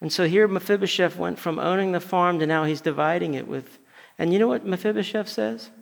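High, gravelly-voiced pastor in a reverberant hall. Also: male voice, fairly quick. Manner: storytelling, frequent stumbles and repeated words. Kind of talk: conversational sermon. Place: church sanctuary.

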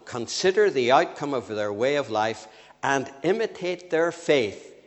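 Older guy giving a sermon, slow and deliberate, long hall echo. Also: mid-range voice. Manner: lively with sudden rises and drops, slow emphatic phrasing. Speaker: preacher. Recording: long reverb of a church hall.

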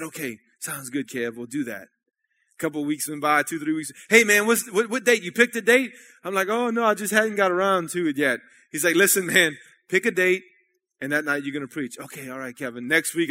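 A man's voice: fairly high pitch, bright, forceful tone. A man preaching a sermon at a church service, talking conversationally and checking in with the congregation. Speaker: pastor.

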